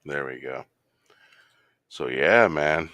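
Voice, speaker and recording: A man hosting a casual movie chat who talks in a relaxed way and often repeats words as he starts a sentence. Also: a bass voice, slow pace, dull audio, noisy background. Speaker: podcast host.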